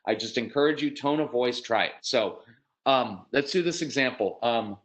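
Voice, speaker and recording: A middle-aged American man speaks at a live parenting workshop. His delivery is direct and matter-of-fact, and he breaks into lively acted voices of parents and children to make his points. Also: mid-range voice, lo-fi sound. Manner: animated, acts out parents and kids in quick voices.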